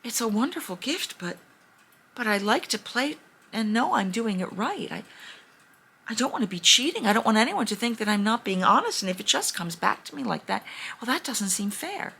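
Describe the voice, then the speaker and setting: A woman's voice: a little high, sing-song, normal speed, vocal fry, fairly bright tone, husky, voice pushed up, heavily acted. A woman voicing an honest, earnest young girl in a told fairy tale, sounding a little anxious.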